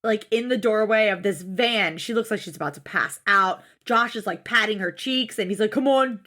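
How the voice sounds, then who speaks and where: A woman's voice: medium pitch, moderate pace, pushed and bright. A woman co-hosting a podcast, chatting casually, swearing often and mimicking people in exaggerated voices. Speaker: podcast co-host. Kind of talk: casual recap chat.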